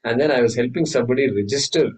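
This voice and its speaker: A man teaching a scripture class, telling stories with many restarts and reciting Sanskrit verses slowly. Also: mid-range voice, darkish tone, low-quality recording. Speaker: Vedanta teacher. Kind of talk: spiritual class lecture.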